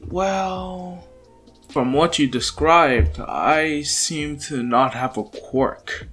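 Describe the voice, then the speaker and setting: Man playing a mild, clueless stranger guy, hesitant, lots of uhs, slow, soft music behind. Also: a little high, full character voice. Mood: puzzled. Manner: easygoing hesitant with many uhs. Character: calm puzzled stranger man, powerful but clueless.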